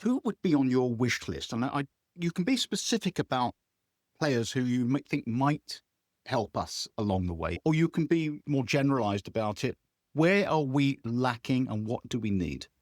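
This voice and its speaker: A man's voice: mid-range voice, very animated, moderate pace, darkish tone, no echo, clean studio sound. A man hosting a podcast, putting playful questions to his co-hosts in casual chat. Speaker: podcast host.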